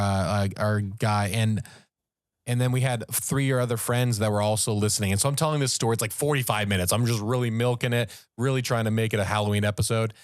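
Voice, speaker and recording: A man, a podcast co-host, telling a story in casual, animated talk and raising his voice at the tense moments. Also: lowish voice, clear, resonant tone, no echo, clean studio sound. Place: podcast studio.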